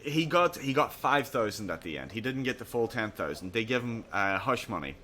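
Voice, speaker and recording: A man co-hosting a casual podcast, telling a news story in an animated way and acting out the people in it. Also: lowish voice, fairly quick, a crowd in the background. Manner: animated storyteller, acts out quoted voices. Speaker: podcast co-host.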